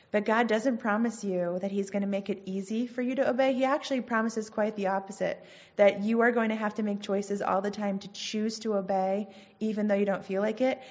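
A woman who counsels gives a conversational sermon. She tells personal stories with lively energy and acts out her own quoted lines. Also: mid-range voice, dull audio. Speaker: Christian speaker and counselor.

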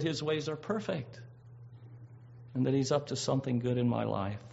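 A man's voice: medium pitch, very animated, moderate pace, creaky, darkish tone. A man preaching a sermon, earnest and emphatic, drawing out key words and often restarting his phrases. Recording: dull lo-fi recording.

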